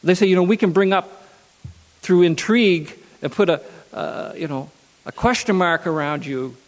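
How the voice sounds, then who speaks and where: A man's voice: high voice, normal speed, in a large hall. A man preaching a sermon who reads scripture aloud and then repeats key phrases for emphasis.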